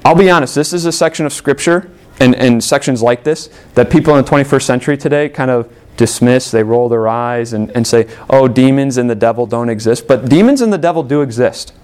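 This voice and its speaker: A man's voice: medium pitch, fairly quick, darkish tone. A man preaching a sermon earnestly, stressing points with rhetorical questions. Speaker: pastor.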